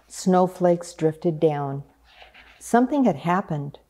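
A woman reading a picture book aloud in a gentle, unhurried way. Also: lowish voice. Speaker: storyteller.

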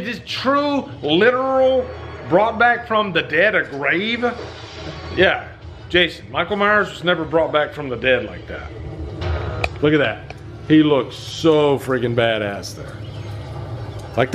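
A man's voice: on the high side, fairly bright tone. A middle-aged man giving casual movie reaction commentary, enthusiastic and loose, swearing freely. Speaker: vlogger.

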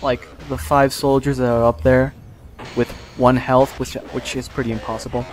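Excitable swearing man playing a game. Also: medium pitch, normal speed. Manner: excitable, swearing, frustrated outbursts. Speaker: let's play host. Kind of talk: live gameplay commentary.

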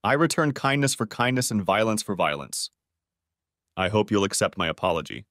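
A man voicing a big prison inmate who apologizes slowly. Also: on the low side, lively intonation, fairly bright tone, no room sound, clean studio sound. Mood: apologetic.

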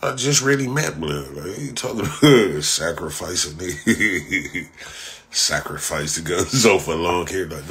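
Pushed and bright, his voice stays low. He's a young Inglewood, Los Angeles native hosting a livestream, ranting casually with profanity, boasting and repetition, often cracking up laughing.

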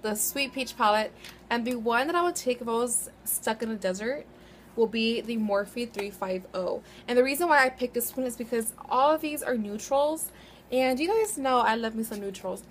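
A woman's voice: a little high, a little hiss or hum. A young woman vlogger talking casually about makeup palettes, chatty and rambling, correcting herself as she goes. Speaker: beauty vlogger. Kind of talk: casual chat.

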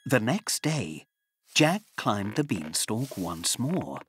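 Man, children's storybook narrator, expressive sing-song reading, very lively pitch. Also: takes it slowly, a little hiss or hum.

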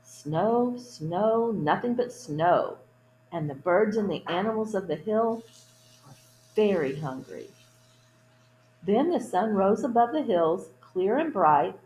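A woman reading a children's picture book aloud at storytime, adding gentle asides to young listeners. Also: mid-range voice, roomy sound, a little hiss or hum, low-quality recording. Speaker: storytime reader.

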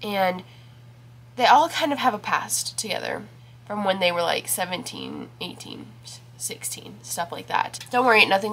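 A woman's voice: medium pitch, wildly swooping pitch, moderate pace, vocal fry, fairly bright tone. A woman chatting casually in a vlog about her week and her reading, talking in a rambling way with lots of fillers while congested and with a scratchy throat. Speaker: book vlogger.

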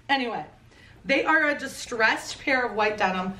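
A woman's voice: fairly high pitch, expressive, normal speed, bright, forceful tone. A woman vlogger chatting casually through a try-on haul, gushing and playful with jokey asides. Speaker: fashion vlogger. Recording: roomy echo, a bit far from the mic.

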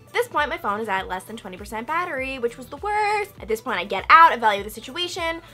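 Young woman vlogging, bright voice that swings all over, soft music behind. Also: fast. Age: young adult. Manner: chatty, animated, acts out quotes with loud high outbursts. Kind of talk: casual storytelling vlog.

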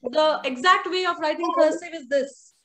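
A woman's voice: high voice, moderate pace, fairly bright tone. A young woman teaching a live online phonics class to young children, sing-song and coaxing, full of praise and endearments, heard over a video call mic. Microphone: computer or headset mic on a video call.

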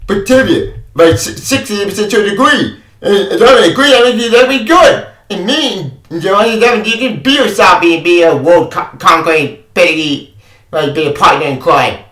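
Recorded at a distance in an echoey room, this man's high-pitched voice comes across pushed and bright at normal speed. Exasperated, he swears and repeats himself while ranting angrily about a game he's reviewing.

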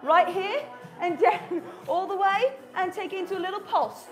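A woman's voice: very high voice, normal speed, over loud music. A woman leading a live home workout, cueing the moves with upbeat encouragement and chatting to her dog between counts. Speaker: fitness instructor.

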